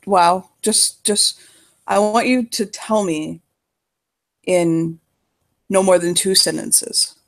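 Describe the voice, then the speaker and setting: A woman's voice: fairly low pitch, steady tone, slow pace, pauses often. A woman narrating her characters in a casual role-play, swearing freely and laughing often.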